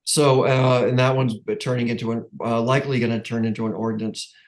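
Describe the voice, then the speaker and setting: There's little pitch movement in this man's medium voice, and he talks a little fast. He has a New England accent and chairs a neighborhood council meeting, rambling in casual talk full of restarts, self-corrections, and frequent chuckles.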